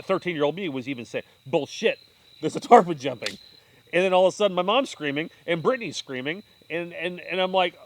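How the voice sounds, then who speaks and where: Animated young man telling stories. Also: on the high side. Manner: animated, acts out voices in anecdotes. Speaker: podcast host. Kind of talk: casual storytelling.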